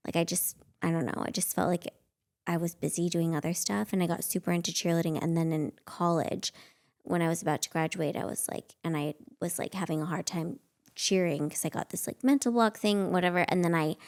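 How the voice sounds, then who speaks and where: In a fairly low, creaky, slightly mellow voice, a woman in her thirties appearing as a guest actress tells meandering stories over casual conversation, leaning heavily on fillers such as "like."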